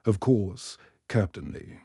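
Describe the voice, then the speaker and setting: A poised alien receptionist woman with a lilting, musical way of speaking, put on by a male storybook narrator. Her polite, formal lines come out quiet and a touch low, in a soft, mellow tone. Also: very animated, moderate pace, no echo, clean studio sound. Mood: deferential. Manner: polite, formal, later deferential.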